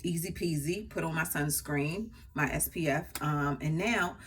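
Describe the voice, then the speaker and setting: A makeup artist vlogger with a low, fairly bright voice talks a little slowly while applying her own makeup. She's chatty and laughs often as she walks through her routine. Her voice sits at a distance from the mic, with a little hiss or hum.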